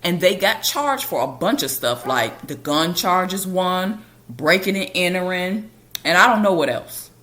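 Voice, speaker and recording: A woman's voice: fairly low pitch, lively intonation, measured pace, pushed and bright. A woman hosting a podcast, telling a personal story in a casual, conversational way. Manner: casual and conversational, with loose colloquial grammar.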